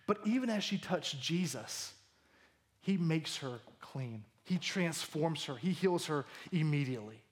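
High-voiced animated male preacher. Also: measured pace. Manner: animated, jokey, acts out quoted lines. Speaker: pastor. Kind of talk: sermon.

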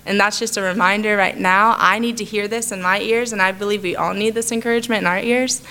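A woman's voice: medium pitch, steady tone, fast, sharp tone, clear, resonant tone. A young adult woman giving a heartfelt personal testimony to her church, talking in an earnest, conversational way. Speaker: church speaker sharing a testimony.

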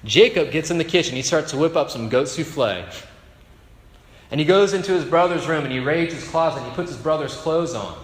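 A man's voice: on the high side, animated, a little fast. A male pastor telling a story in a sermon, conversational with rhetorical asides. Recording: echoey hall reverb.

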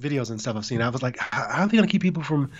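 A man's voice: medium pitch, expressive, racing. Teasing man on a dull lo-fi call. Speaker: podcast co-host. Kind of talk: casual tech chat.

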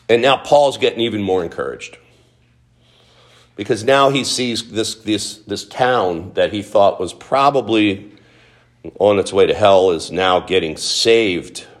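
Male pastor, lowish voice, conversational sermon delivery, rhetorical questions.

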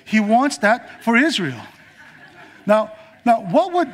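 A male preacher with a high voice delivers a sermon dramatically. He swings between emphatic declarations and near-whispers. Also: big pitch swings, slow.

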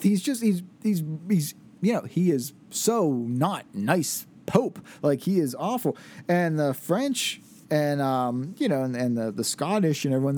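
A man's voice: fairly high pitch, warm tone. Rambling man giving a casual history lecture. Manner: rambling, filler-heavy, reads passages aloud then explains informally. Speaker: teacher.

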